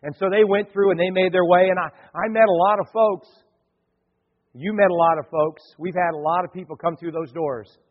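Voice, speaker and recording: A man preaching a sermon as a pastor, earnest, telling a story, moving from loud emphasis to quiet. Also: high-pitched, fairly even intonation, fairly quick. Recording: echoey hall, dull lo-fi sound.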